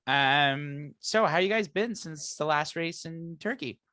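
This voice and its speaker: A man's voice: a little high, a little slow, pushed and bright, no echo, studio quality. A man hosting a casual motorsport podcast, upbeat and chatty with his co-hosts. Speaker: podcast host.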